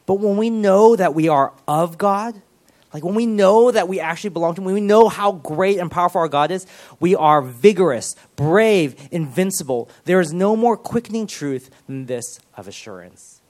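A man's voice: high voice, lively intonation, moderate pace, darkish tone. A man giving a sermon, speaking earnestly and with animation, often restarting his phrases. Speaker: preacher.

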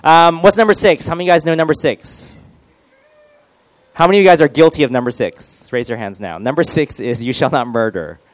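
A man's voice: on the high side, a little fast, no room sound. A male pastor giving a casual, joking sermon and quizzing his congregation.

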